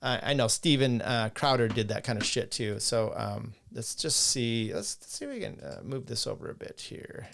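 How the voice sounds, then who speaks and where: Middle-aged male host, gravelly, mid pitch, loose rambling delivery with crude asides. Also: sing-song, normal speed, hardly any pauses, fairly bright tone. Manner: rambling, profane, chuckling asides. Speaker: podcast host. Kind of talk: casual live-stream talk, reading chat.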